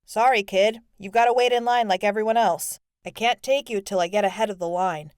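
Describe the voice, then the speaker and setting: A woman's voice: mid-range voice, a little fast, dry recording, clean studio sound, close to an everyday voice. A woman voicing a surly, dismissive cab driver. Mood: gruff. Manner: gruff, dismissive. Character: surly middle-aged male cab driver.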